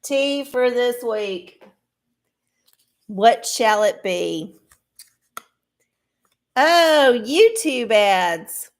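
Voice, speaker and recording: A woman's voice: a little high, lively intonation, drawn-out words, pauses often. A woman hosting a livestream, chatting casually to her viewers in a profane, ranting way. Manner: talks to viewers directly. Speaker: livestream host.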